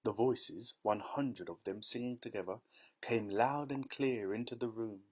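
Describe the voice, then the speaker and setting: A man's voice: on the low side, slightly rough. Give me a man narrating a children's audiobook. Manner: measured storytelling.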